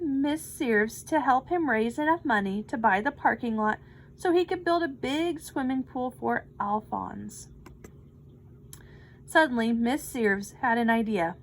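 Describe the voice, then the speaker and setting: Woman reading a picture book aloud, expressive, slow, high voice. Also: rough recording. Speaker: storybook reader.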